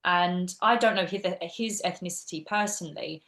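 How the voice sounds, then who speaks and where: A woman's voice: fairly low pitch, normal speed. A woman with an English accent, a guest actress and teacher chatting animatedly in an interview over a video call. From England. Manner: animated, quotes people in lively voices. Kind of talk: casual interview chat.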